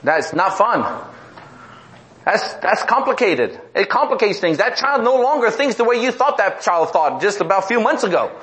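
Humor and animation mark this middle-aged pastor's preaching; he says things more than once and emphasizes by speaking low and slow.

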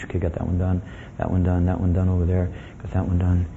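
Here is a man voicing a calm figure on the cross, murmuring low and steady as he ticks off each task. Nothing is rushed. It is captured on a muffled, lo-fi recording. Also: a little hiss or hum, lightly acted. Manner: low, hushed, matter-of-fact murmuring. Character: Jesus on the cross, calm, quietly ticking off prophecies. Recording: dull lo-fi recording.

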